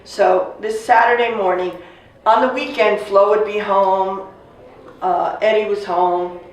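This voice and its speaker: A woman in her sixties casually telling a family story, animated and acting out the voices of the people she quotes. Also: medium pitch, unhurried. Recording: echoey room, distant mic, faint noise.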